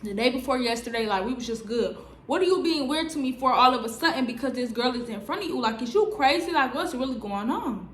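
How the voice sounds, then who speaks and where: A woman's voice: sits high, lively intonation, fast, roomy sound, slight background noise, voice pushed up. A young woman voicing an exasperated young man who protests and pleads in disbelief.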